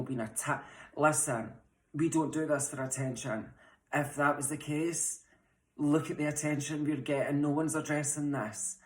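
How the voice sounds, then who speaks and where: A young transgender woman with a Scottish accent, making an impassioned, frustrated appeal straight to camera from her home, blunt and swearing at times. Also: rumbling low. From Scotland. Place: home, room mid-move. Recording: roomy echo.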